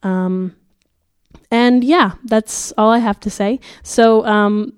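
A young woman hosting a casual podcast, chatty and upbeat with lots of fillers, sounding sick and a bit muffled, talking quietly in a school library. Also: fairly high pitch, steady tone, slow, smooth, dry recording, studio quality. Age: young adult. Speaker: podcast host.

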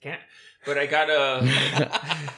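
A man in a casual podcast chat, telling stories in an animated, profane way and acting out what people said. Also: mid-range voice, drawn-out words. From Central California. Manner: animated, profane, acts out quotes. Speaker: podcast guest.

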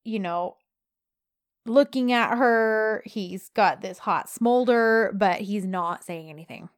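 A woman in casual chat, recapping a drama and acting out the characters' lines with big jumps in pitch. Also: takes it slowly.

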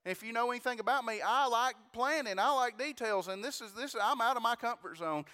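A preacher gives a storytelling sermon in a high, smooth, resonant voice, speaking briskly and with animation as he doubles his words and exclaims praise. A long reverb makes his voice ring as though in a large church hall.

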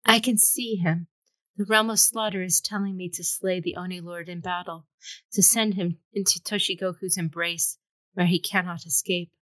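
A woman voicing a calm, distant young warrior woman who speaks in measured tones. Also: fairly low pitch, dry recording, close to an everyday voice.

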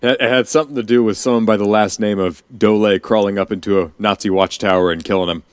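A man's voice: on the low side, fairly even intonation, quick pace, clear, resonant tone, dry recording, clean studio sound. A man chatting casually, rambling with fillers and restarts and laughing often. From Danish family. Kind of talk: casual chat.

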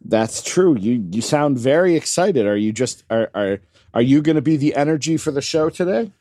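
A man's voice: medium pitch, expressive, normal speed, mellow, dry recording, studio quality. A man co-hosting a casual podcast with a wry, teasing, self-deprecating manner. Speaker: podcast co-host.

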